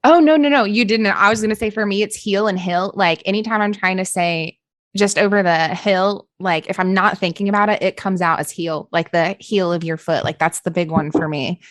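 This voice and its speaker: A woman's voice: mid-range voice, brisk, no room sound, clean studio sound. A woman with a Western North Carolina accent, hosting a casual interview podcast, enthusiastic and agreeable. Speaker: podcast host.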